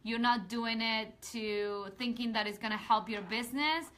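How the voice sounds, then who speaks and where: A woman's voice: on the high side, normal speed, a bit bright. A woman hosting a casual live video, speaking earnestly and heartfelt to her viewers, often restarting her sentences and building to rousing motivational appeals. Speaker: women's empowerment coach hosting a live video.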